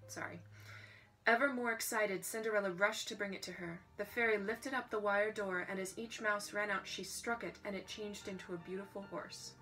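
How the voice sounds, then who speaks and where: A woman reading a storybook aloud in a casual way, breaking off for quick, joking asides. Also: medium pitch, steady tone, pushed and bright, soft background music, low-quality recording.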